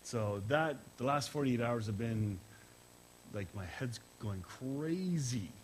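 Middle-aged male pastor, halting, emotional, personal sermon delivery to a church audience, average pitch. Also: expressive, a little hiss or hum, poor audio. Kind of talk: conversational sermon with opening prayer. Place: church service, streamed live.

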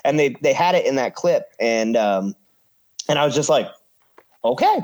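Animated wrestler telling a ring story. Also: male voice, medium pitch, moderate pace. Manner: animated, swears freely, acts out quotes. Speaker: pro wrestler guest. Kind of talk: casual storytelling.

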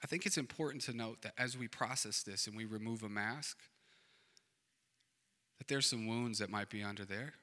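A male pastor preaching a sermon, swinging between loud emphatic declarations and hushed, quiet passages. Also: fairly low pitch, moderate pace, pauses often. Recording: long reverb of a large hall.

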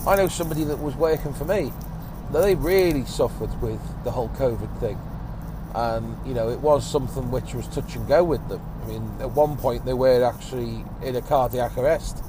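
A man hosting a one-take podcast from his car, rambling and grumbling with casual swearing and a phlegmy cough. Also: medium pitch. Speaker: podcast host. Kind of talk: rambling one-take chat while driving. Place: inside a car in traffic. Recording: car and road noise behind.

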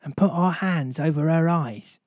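A man's voice: on the high side, unhurried, darkish tone, no room sound, voice pushed up. A man voicing an eager, bossy schoolboy.

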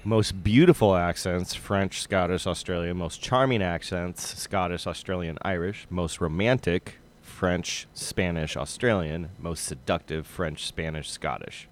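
A man's voice: deep voice, unhurried, few pauses, slight background noise. A man co-hosting a casual podcast chat, reading out a list in an offhand way. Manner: reads out a list in a flat, offhand way. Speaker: podcast co-host.

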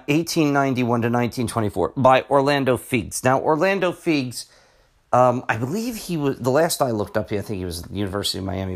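A middle-aged man, a teacher hosting his own podcast, talking in a rambling, chatty way full of restarts. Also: mid-range voice. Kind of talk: casual solo podcast monologue.

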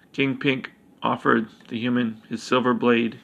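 Gravelly man reading a story aloud. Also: medium pitch, level tone, measured pace, fairly bright tone, rough recording. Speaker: narrator.

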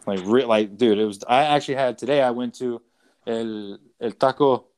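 A man's voice: mid-range voice, normal speed, a little mellow, clean tone. Man, podcast co-host, casual chat, rambling, profane, lots of fillers. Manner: rambling storyteller, loose and profane, many fillers. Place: away from home, calling in to the show.

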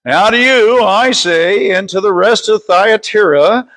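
A man leading a Bible study, reading scripture aloud slowly and stumbling over words, then stopping to teach. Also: sits high, a bit bright, rough recording. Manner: reads slowly with frequent stumbles and self-corrections. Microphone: streaming over Wi-Fi.

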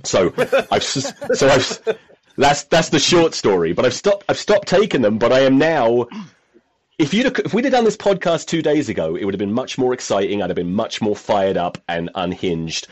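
A man's voice: medium pitch, very animated, normal speed. A man hosting a podcast, telling rambling, self-mocking stories in casual chat and swearing freely. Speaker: podcast host.

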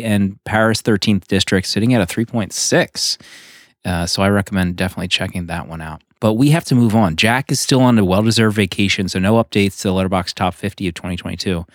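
A man's voice: on the low side, no echo, studio quality. A man co-hosting a film podcast, talking in a casual, playful way and teasing his co-host. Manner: playful, teasing, laughs often. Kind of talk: casual chat.

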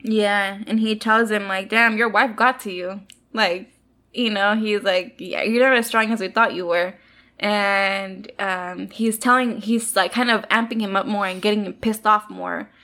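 A woman in casual chat about a movie, animated, swearing freely and acting out lines from it. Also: mid-range voice, unhurried. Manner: animated, swears, acts out quotes.

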